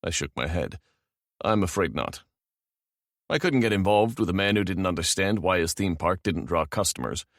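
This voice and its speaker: Deep low guy reading a romance audiobook, calm and measured, dry booth sound. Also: no echo. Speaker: audiobook narrator. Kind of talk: scripted romance audiobook narration.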